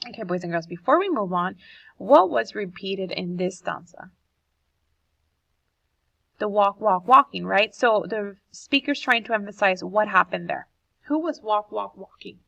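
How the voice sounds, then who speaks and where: A woman's voice: medium pitch, animated, measured pace, creaky, a bit bright, dry recording, muffled recording. A woman teacher reading a poem aloud to children and explaining it, asking the class questions as she goes.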